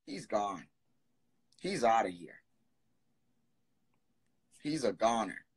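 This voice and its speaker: A young man in his twenties hosting a phone live stream, chatting casually and teasing his callers with quick banter. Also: fairly low pitch, big pitch swings, slightly rough. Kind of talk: casual live video chat.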